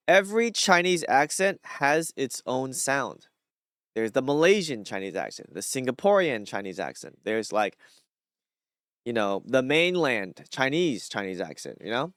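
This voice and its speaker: A man's voice: mid-range voice, very animated, unhurried, fairly bright tone, no echo, clean studio sound. Rambling casual male streamer. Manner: rambling, lots of fillers and restarts. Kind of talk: casual live-stream chat.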